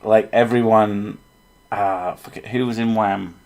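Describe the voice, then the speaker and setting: A man's voice: fairly low pitch, fairly even intonation, unhurried, darkish tone. A man from England, joking and swearing in a casual chat as a streamer. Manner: joking, swears freely, slips into silly voices.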